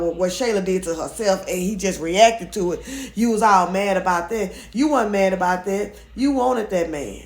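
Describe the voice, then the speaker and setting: Woman vlogger, mid pitch, gossipy recap, lots of restarts, echoey room. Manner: chatty and opinionated, many restarts, talks straight to viewers.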